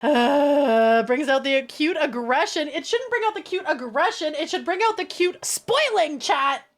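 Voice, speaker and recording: A high-pitched woman streaming live and bantering with her chat. She teases and swears freely in a playful, crude way. Her voice comes through a streaming microphone. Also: lively intonation, measured pace. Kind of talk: casual livestream chat.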